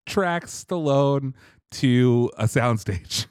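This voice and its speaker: A man's voice: medium pitch, animated, extremely slow, darkish tone, smooth, no room sound, clean studio sound. A man co-hosting a casual podcast, recapping a movie's plot and reading trivia, laughing along. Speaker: podcast co-host.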